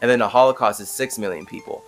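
A man's voice: mid-range voice, fast, fairly bright tone, soft background music. A man hosting a podcast, telling a story in a rambling, casual way full of "like" fillers. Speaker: podcast host.

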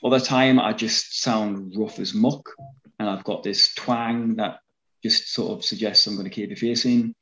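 A man's voice: on the low side, steady tone, measured pace, fairly bright tone. A man with a North East English accent, rambling casually as an interview guest, with many ums and restarts. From North East England. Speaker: interview guest, fan film actor. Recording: dull lo-fi sound.

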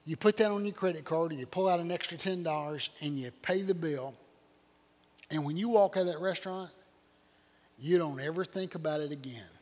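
A man, a pastor preaching a sermon as a folksy, animated storyteller. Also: fairly high pitch, brisk, long reverb tail.

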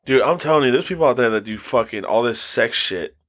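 A man's voice: medium pitch, animated, fast, a bit bright, dry recording, studio quality. A young man co-hosting a casual podcast, laughing a lot and joking crudely. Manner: laughing, profane, playful. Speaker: podcast co-host.

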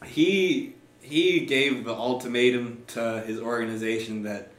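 A man's voice: mid-range voice, fairly even intonation, unhurried. A young man co-hosting a casual podcast chat, joking and swearing freely. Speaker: podcast co-host. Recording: echoey room.

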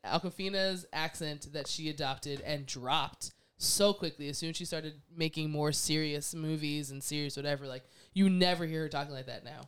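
Woman guest, casual chat, lively and opinionated, smooth resonant tone. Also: low-pitched, moderate pace, few pauses. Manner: animated, acts out quoted voices, laughs often.

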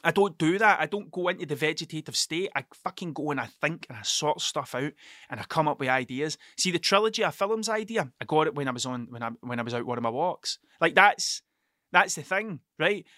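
A man's voice: fairly high pitch, lively intonation, fairly quick, pushed and bright, dry recording, studio quality. A man hosting a podcast, telling rambling stories in casual chat, swearing constantly and restarting his sentences as he digresses. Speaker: podcast host.

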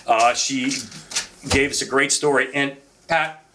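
A middle-aged man on a podcast, telling stories in a casual, animated way with lots of fillers. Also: mid-range voice, unhurried, noisy background. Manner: animated anecdotal storyteller with frequent fillers. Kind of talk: casual storytelling chat.

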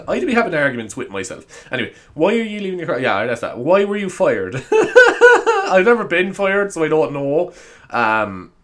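A man's voice: a little high, huge pitch swings, moderate pace, a bit bright. An Irish man hosting a podcast, rambling and joking in a casual comedic monologue, swearing and laughing as he goes. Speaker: podcast host.

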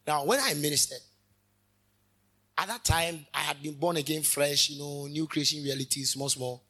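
High bright-voiced preacher. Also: male voice, normal speed, husky. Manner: fervent preaching with sudden loud rises and asides. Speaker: minister. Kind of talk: sermon.

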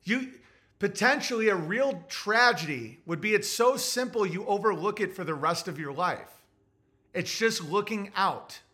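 Bright high-pitched guy on a stream, blunt and crude, just lecturing people. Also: expressive, unhurried. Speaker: livestream host. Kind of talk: ranting livestream monologue.

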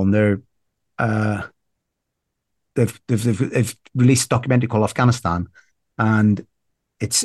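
A man's voice: fairly low pitch, no room sound, studio quality. A man, a podcast guest chatting casually, rambling with lots of restarts. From Northern Ireland. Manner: rambling, many restarts, animated when amused. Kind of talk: casual interview chat.

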